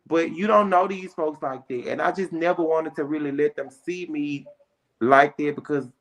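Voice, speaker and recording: A young adult woman, a guest on a casual chat show, telling a story in an animated way with plenty of slang. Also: low voice.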